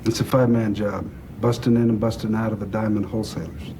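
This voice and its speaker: An actor playing an older crime boss with a gruff, gravelly, blunt and profane way of talking, in a film scene. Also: male voice, on the low side, level tone, fast talker, background noise, close to an everyday voice. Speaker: crime boss planning a heist. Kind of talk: film dialogue.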